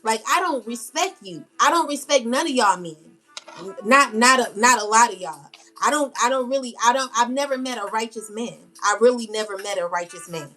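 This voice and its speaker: A woman's voice: on the high side, normal speed, bright, forceful tone, soft background music. A woman tarot reader ranting to camera in unscripted, slangy speech, scolding bluntly and repeating herself for emphasis. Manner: casual slangy speech with many fillers. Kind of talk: unscripted spiritual rant to camera.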